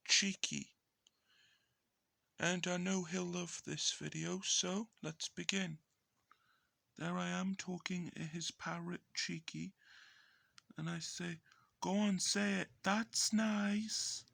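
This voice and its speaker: Slow, gravelly male vlogger. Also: high voice, level tone, pushed and bright, no room sound. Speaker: video creator. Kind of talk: storytelling vlog.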